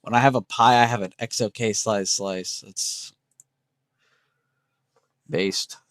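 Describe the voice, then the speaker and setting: A man's voice: on the low side, slow pace, no echo, clean studio sound. A young man hosting a trading livestream, chatting casually and slangily with his viewers. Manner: relaxed, slangy, talks to chat with "bro" and "dude".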